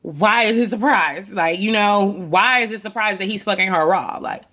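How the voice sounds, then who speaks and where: A woman recapping a show straight to her camera in a loose, chatty way. She talks at a middle pitch, blunt and sassy, dropping swears freely as she reacts. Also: moderate pace, sharp tone. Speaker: reality TV recap vlogger. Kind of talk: casual opinion recap to camera. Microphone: camera mic.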